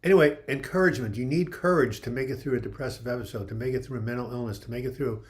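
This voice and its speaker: A man's voice: mid-range voice, fast, a little mellow. An older man in his seventies chats on a casual livestream, wandering from one joke to the next as he greets viewers by name. His throat sounds a little dry. He speaks from home into a computer mic. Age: 70s. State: dry throat with occasional coughing. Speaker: livestream host.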